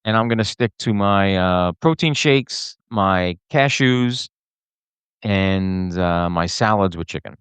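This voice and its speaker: A man's voice: sits low, slow, smooth. A man hosting a podcast, ranting casually to camera with lots of fillers and restarts. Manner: animated, rambling with many fillers and restarts. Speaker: podcast host. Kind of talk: casual solo rant to camera.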